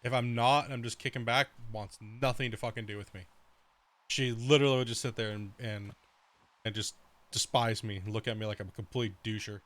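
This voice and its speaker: A man's voice: on the low side, steady tone, a little fast, fairly bright tone. A young man streaming a game, chatting casually, rambling and swearing freely as he rants. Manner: rambling, profane, ranting. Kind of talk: casual chat during a live stream.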